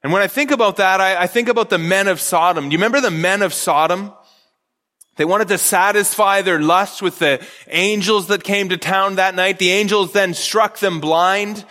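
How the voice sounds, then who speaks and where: Male pastor, high bright voice, earnest sermon with repeated restarts, long hall reverb. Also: moderate pace.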